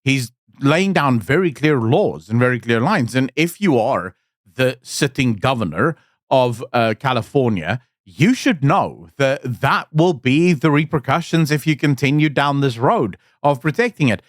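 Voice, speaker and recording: Male commentary host, mid pitch, blunt and emphatic, close dry sound. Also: animated, unhurried, no room sound. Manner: blunt, emphatic, sarcastic asides. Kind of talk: opinion commentary monologue.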